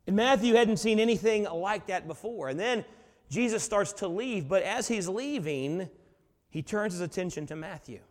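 Casting: male pastor with a high voice, dramatic storyteller, heard in a big echoing sanctuary. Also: expressive, normal speed. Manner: dramatic storytelling, swinging between soft and loud. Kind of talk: sermon. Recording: long reverb of a large hall.

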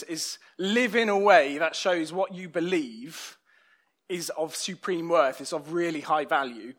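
A man's voice: a little high, fairly bright tone. A man preaching a sermon in a conversational, self-deprecating way.

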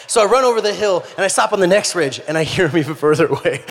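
A man preaching a sermon, telling a humorous story in an animated way. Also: high voice, fast. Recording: long hall reverb.

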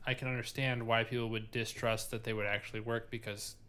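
A man's voice: mid-range voice, flat delivery, fairly quick, a bit bright, smooth. Young man hosting a casual podcast. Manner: thoughtful, searching, laughs easily. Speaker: podcast host. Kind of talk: casual chat.

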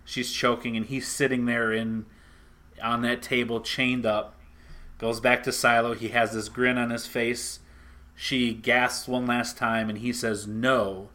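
Chatting casually, a man unhurriedly walks through a comic book story in a bright, forceful, mid-range voice. He's lively about it, acting out what the characters say as he narrates.

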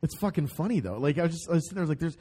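Lively, joking man in casual chat. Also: on the high side, very fast, slightly rough. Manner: animated, joking, many fillers and restarts. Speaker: podcast co-host.

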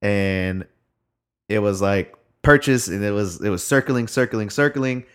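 A young man with a slightly low voice rambles through a casual story. He swears often and fills gaps with "like" and "um." He talks loosely, as he would with a friend. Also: measured pace, smooth. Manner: rambling storytelling, heavy swearing, frequent fillers. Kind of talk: casual chat.

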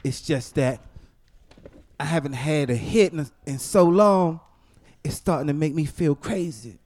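A young man acting out a comedy sketch in an animated, slangy, joking way. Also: fairly high pitch, a little slow.

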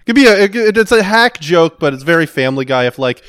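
A man's voice: a little high, animated, fast talker, a bit bright, clean tone. A man leading a casual comedy brainstorm, steering the group back on track.

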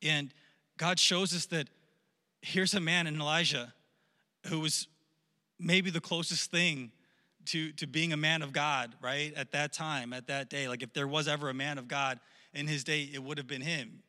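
A man in his thirties gives a youth sermon in a large hall, his voice very bright and a little high. He talks casually, stumbling over repeated words and pressing hard on the key lines. A long reverb trails each phrase. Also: fairly even intonation, normal speed. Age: 30s. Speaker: youth pastor.

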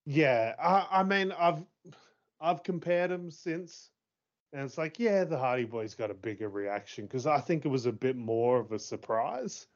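An excitable man in his thirties chats casually as a co-host, swearing and laughing between thoughts. He talks in an unhurried, drawn-out way. The sound is dull and lo-fi. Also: mid-range voice. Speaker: podcast co-host. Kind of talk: casual chat.

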